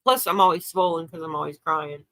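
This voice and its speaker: A woman's voice: deep voice, fairly even intonation, fairly quick, bright, forceful tone. An older woman, hosting a casual livestream, talking tearfully and answering viewer comments. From South Carolina. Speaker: livestream host.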